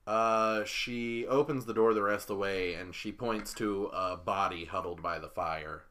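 A man's voice: lowish voice, a little slow, few pauses, pushed and bright. A man narrating as game master of a tabletop game, casual and chatty, voicing figures now and then. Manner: casual, voices figures with a put-on accent.

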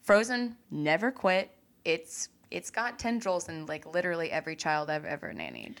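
Young woman co-host, bright-toned, lively, laughs a lot, casual and profane. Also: fairly low pitch, moderate pace, creaky. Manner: animated, laughing, swearing. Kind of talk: casual podcast chat.

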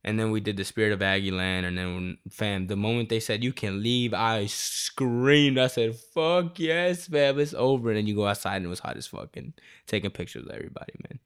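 A man in his twenties talking in casual chat, telling stories in an animated, profane and slangy way. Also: lowish voice, fairly quick, clear, resonant tone.

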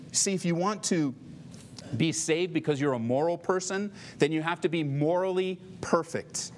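A man pastor preaching a sermon, animated and conversational, slowing down to read scripture aloud. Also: on the high side, slight background noise.

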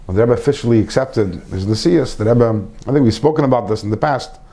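Guy teaching a small torah class, earnest, mellow voice, repeats himself a lot. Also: mid-range voice, quick pace. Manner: earnest, repeats phrases, sprinkles Hebrew and Yiddish terms. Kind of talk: informal Torah lesson to a small group.

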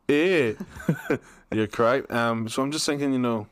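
A man's voice: mid-range voice, fairly bright tone, clean tone, dry recording. Playful Northern Irish man, dry mic. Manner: playful, jumps into silly voices. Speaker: podcast co-host. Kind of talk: casual chat.

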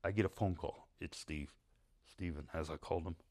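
A man's voice: low-pitched, normal speed, darkish tone. A man telling a rambling, profane story about a friend, swearing freely and chuckling at himself. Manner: rambling, swearing, laughing at his own story.

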